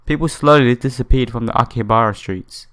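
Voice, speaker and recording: A man's voice: medium pitch, fairly quick, fairly bright tone, natural voice. A man reading a visual novel's lines for an earnest, lonely young woman who trains as an idol, in his own plain voice without a girl voice. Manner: plain read-aloud delivery in his own voice.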